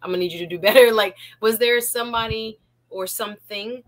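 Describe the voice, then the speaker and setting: A woman hosting a casual interview, lively and quick to jump in, with an African American English accent. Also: on the high side. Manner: lively, interjecting, laughs often. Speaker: show host.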